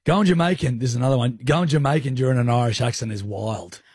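A man's voice: medium pitch, fast talker, darkish tone, breathy edge, no echo. A man co-hosting a radio show, teasing his co-host in casual banter and laughing often, in a studio.

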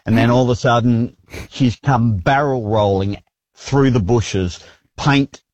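A man calling in with an anecdote, pausing on many ums. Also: medium pitch, darkish tone, no echo, dull audio. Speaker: caller. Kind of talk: phone-in anecdote.

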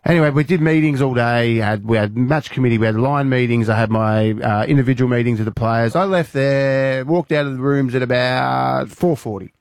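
A man's voice: medium pitch, fairly quick, few pauses, dry recording, studio quality. An Australian man, a radio co-host, telling a story with energy and acting out his own lines in a raised voice.

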